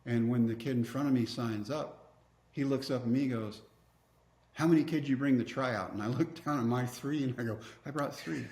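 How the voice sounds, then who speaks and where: A middle-aged man from Texas tells his story as a podcast guest. He acts out the other people in it and jokes about himself. His voice sits at an ordinary middle pitch, and it echoes through a reverberant room. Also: normal speed. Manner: animated storyteller acting out quoted dialogue, wry self-mocking humor. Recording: roomy echo.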